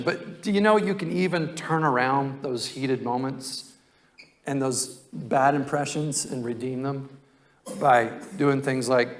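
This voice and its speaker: A man's voice: medium pitch, slow. A male pastor preaching a sermon in a conversational, folksy storytelling way.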